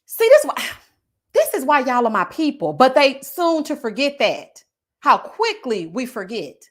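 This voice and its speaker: Sassy animated woman gossiping. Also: high-pitched, unhurried. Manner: sassy, animated, calls viewers child and baby. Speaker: commentary vlogger reading viewer comments. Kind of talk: casual reality-TV gossip commentary.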